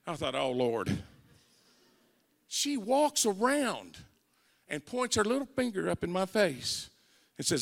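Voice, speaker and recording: A man's voice: high-pitched, big pitch swings, slow pace, creaky, pauses often. A man in his forties with a Southern accent, preaching his testimony as an evangelist and acting out the voices in his story. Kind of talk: testimony sermon. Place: church sanctuary. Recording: reverberant church hall.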